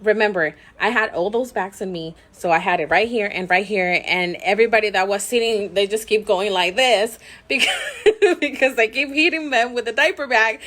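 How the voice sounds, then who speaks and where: A mother vlogging to camera, telling a story in a chatty, animated way with many fillers and frequent laughter. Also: mid-range voice, normal speed.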